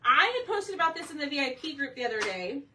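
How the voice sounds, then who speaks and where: A woman's voice: high voice, very animated, quick pace, recorded from a distance. A woman hosting a live craft stream, chatting casually and greeting viewers by name as she paints. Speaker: craft livestream host. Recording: faint room noise, somewhat off-mic.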